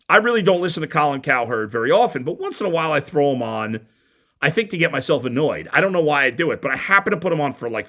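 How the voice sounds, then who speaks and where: Heated, animated sports talk man. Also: medium pitch. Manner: blunt and heated, stumbling restarts. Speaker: sports talk show host. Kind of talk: opinionated sports radio rant.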